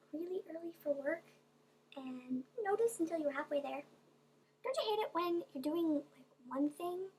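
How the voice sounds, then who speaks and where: A young woman talks straight to her camera in a loose, rambling vlog monologue. Her voice sits extremely high, and she sometimes slips into whispered asides. A faint hiss runs under the recording. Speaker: vlogger.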